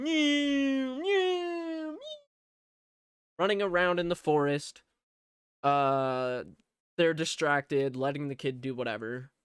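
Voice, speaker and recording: A man's voice: mid-range voice, fairly bright tone, smooth, dry recording, studio quality. A man recapping a movie in a casual, rambling way, sarcastic and swearing freely. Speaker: movie reviewer.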